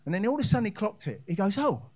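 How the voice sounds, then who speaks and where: A brash male stand-up comedian spins a long story on a comedy club stage. His voice sits a bit high for a man, and he keeps turning to talk straight to the crowd. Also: big pitch swings, very fast, darkish tone. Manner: brash, addresses the crowd directly.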